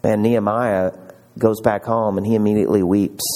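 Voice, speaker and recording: A man preaching a sermon, animated, acting out the voices he quotes and laughing now and then. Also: lowish voice, normal speed. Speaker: pastor.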